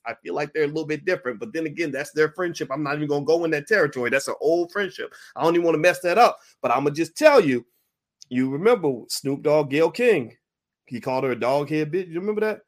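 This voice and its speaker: A middle-aged man hosting a podcast, giving a mocking, animated commentary monologue, at times breaking into a high wailing baby voice. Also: quick pace. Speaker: podcast host.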